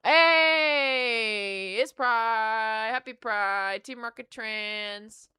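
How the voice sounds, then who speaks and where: A young woman streaming, chatting casually and excitedly as she opens trading cards and speaks warmly to her chat. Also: a little high, drawn-out words, clear, resonant tone, dry recording. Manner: excitable, gasps and squeals at good pulls, earnest and affectionate to chat.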